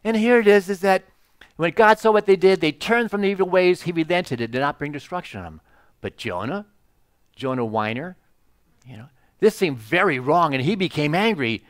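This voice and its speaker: Joking pastor, fairly high voice. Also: male voice, lively intonation, moderate pace, dry recording, studio quality. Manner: joking, conversational, many "you know" asides. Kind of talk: casual storytelling sermon.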